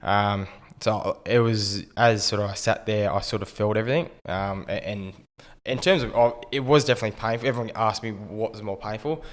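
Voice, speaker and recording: An Australian man in his thirties, a retired rugby league player, telling his story in a relaxed, understated way with frequent ums. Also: lowish voice, brisk, hardly any pauses, in a large hall. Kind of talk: casual interview storytelling.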